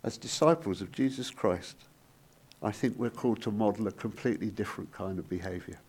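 A man preaching a sermon, telling stories with sudden rises and soft, hushed drops. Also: fairly low pitch, a little fast, husky.

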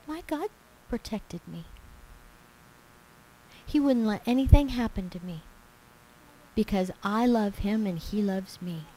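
A calm, faithful man from a children's Bible story, voiced by a woman. He speaks gently and earnestly, taking his time. A soft hum lingers behind him. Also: mid-range voice, measured pace, long pauses, close to an everyday voice, poor audio.

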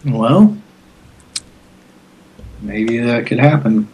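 Male co-host, mid-pitched, quick jokes, casual radio banter. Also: lively intonation, a little mellow, slight background noise, poor audio. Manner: wisecracking.

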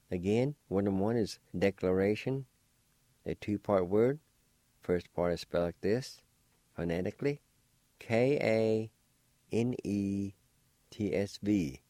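Slow, deep-voiced man teaching words. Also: warm tone, no room sound. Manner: slow, deliberate, spells out syllables. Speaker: language teacher and radio host. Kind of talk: radio language lesson.

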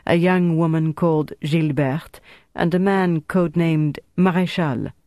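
Steady audiobook narrator, dry close sound. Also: medium pitch, unhurried, no room sound. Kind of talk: scripted narration of a thriller.

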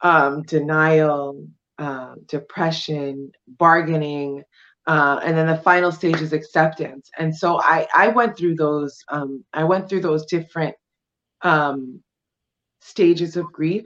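A woman's voice: low-pitched, measured pace. Lo-fi woman explaining with emphasis. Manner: emphatic, explanatory, with frequent "um" and "you know". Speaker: guest sharing her divorce experience. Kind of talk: conversational interview.

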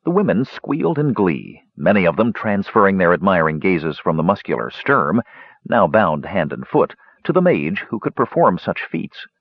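Expressive male audiobook narrator, husky. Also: sits low, normal speed, no echo. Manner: expressive reading with many character voices. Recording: dull lo-fi dry recording.

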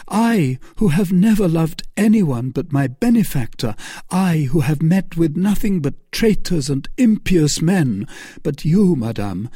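An earnest young Puritan officer, voiced by a male reader, pitched above the reader's own tone and rising into urgent cries. The delivery is husky and lively in pitch, recorded dry and close. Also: no room sound, full character voice. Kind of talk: audiobook character voice.

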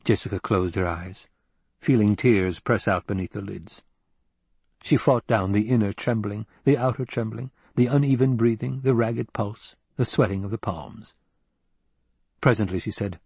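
A man narrating a novel in a measured, even storytelling manner. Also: fairly low pitch, breathy edge, dry recording. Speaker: audiobook narrator. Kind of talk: scripted narration.

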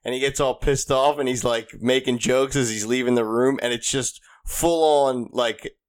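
A man's voice: medium pitch, fairly even intonation, moderate pace, smooth. Easygoing man chatting on a podcast. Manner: conversational, questioning. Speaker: podcast co-host. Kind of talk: casual chat.

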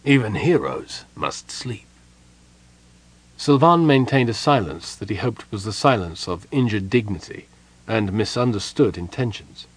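A man narrating a fantasy audiobook in a steady, even storytelling voice. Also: fairly low pitch, normal speed. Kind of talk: scripted narration.

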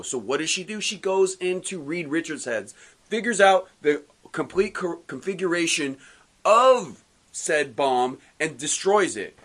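Male co-host, slightly high voice, lively storyteller who acts out the lines. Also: measured pace. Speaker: comic book podcast co-host. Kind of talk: casual chat.

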